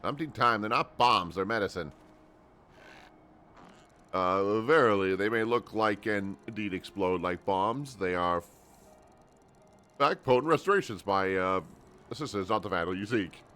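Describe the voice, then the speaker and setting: Game voice: a pompous, flustered gentleman put on by a man, pitched up, flowery formal talk. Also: moderate pace, pauses often. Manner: flowery, stammering formal speech.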